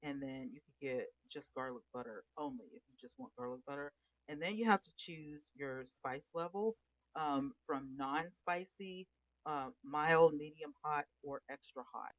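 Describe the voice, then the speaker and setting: A woman's voice: deep voice, no echo, rough recording. A middle-aged woman hosting a casual livestream, chatting and greeting viewers by name. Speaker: livestream host.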